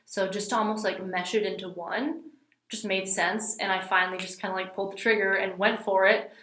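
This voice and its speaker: A young woman, a YouTuber, chatting as a podcast guest in a relaxed, easygoing way. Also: medium pitch, brisk. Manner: relaxed, easygoing, lots of "like" and "you know". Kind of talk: casual interview chat. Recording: roomy echo.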